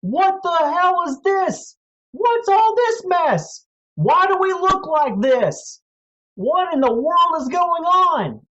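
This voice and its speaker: A man doing shrill panicked far-off islanders. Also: sing-song, takes it slowly, full character voice. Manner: high-pitched panicked shouting. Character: confused distant crowd of islanders, panicked. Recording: dull lo-fi audio, faint music.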